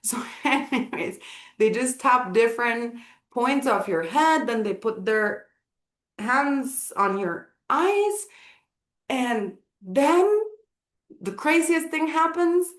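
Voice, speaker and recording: Lively storytelling woman, roomy sound. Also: fairly high pitch, slow pace. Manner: animated, acts out the people she quotes, laughs often. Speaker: spiritual teacher. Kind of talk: storytelling talk at a live event. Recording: roomy echo.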